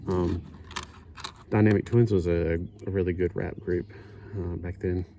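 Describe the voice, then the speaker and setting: Measured in pace and steady in tone, this middle-aged man's low voice shows some vocal fry. He's a hobby builder rambling through a casual build-along chat while assembling a kit, correcting himself and chuckling in asides. Slight background noise is audible.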